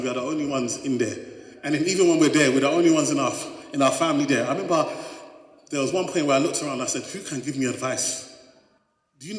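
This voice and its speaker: A man from giving a motivational keynote, joking with the crowd and telling stories. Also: on the high side. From London, England. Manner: animated, joking, storytelling with crowd interaction. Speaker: keynote speaker. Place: large hall on stage. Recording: echoey hall.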